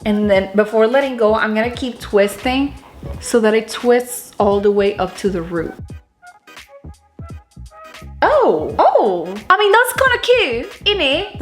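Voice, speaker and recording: A woman vlogger giving a casual hair-styling how-to, chatty, cursing offhand and talking to herself as she goes. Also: mid-range voice. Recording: roomy echo with faint music.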